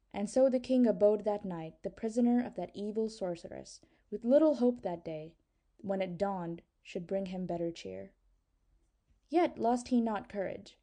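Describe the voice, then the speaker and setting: A woman narrating an old legend in a measured, even storytelling manner. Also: medium pitch. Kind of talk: audiobook reading.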